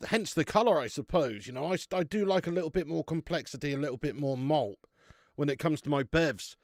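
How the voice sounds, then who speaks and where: A man's voice: fairly high pitch, a little fast, no echo, studio quality. A young man chatting casually on a live stream, reviewing beer, bantering with viewers and swearing now and then.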